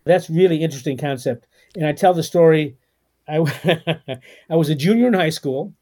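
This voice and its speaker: This podcast interview features a sixty-something male author whose voice is on the high side, telling stories at normal speed. His animated delivery is full of fillers and restarts.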